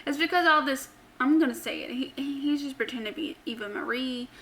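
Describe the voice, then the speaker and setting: A woman with a high voice recaps a wrestling show in a loose, chatty way. She fills pauses with ums and tosses in her own opinions as she goes. Her tone is bright and sharp. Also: slight background noise, rough recording. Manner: chatty, frequent ums, offhand personal opinions. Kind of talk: casual spoken recap of a wrestling episode.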